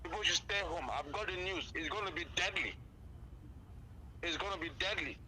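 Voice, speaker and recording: A man's voice: sits high, moderate pace, pushed and bright, slight background noise, poor audio. A man calling in to a radio show, speaking earnestly and repeating his key points for emphasis. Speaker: caller. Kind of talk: call-in phone contribution.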